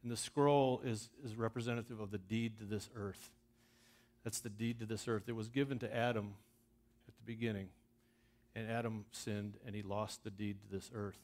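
A man, a missions pastor, speaking to his church in a sermon, moving from easy asides to fervent, emphatic passages. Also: lowish voice. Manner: earnest, builds to loud emphatic scripture reading; conversational with restarts and asides.

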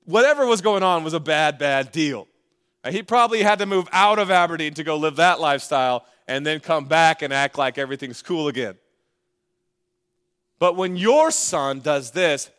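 High-voiced pastor preaching. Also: male voice, fairly bright tone, clear, resonant tone. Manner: playful, conversational preaching with asides to the congregation. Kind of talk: sermon.

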